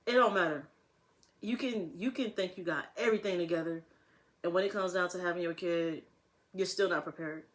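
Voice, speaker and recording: A woman's voice: fairly low pitch, brisk. A young woman talking casually to camera as a vlogger, rambling and laughing often.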